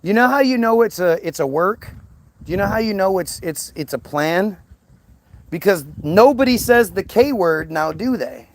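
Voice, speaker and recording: A man's voice: high-pitched, animated, normal speed, gravelly, slight background noise. A man ranting into the camera in a heated, profane monologue, stammering and repeating words. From United States. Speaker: vlogger.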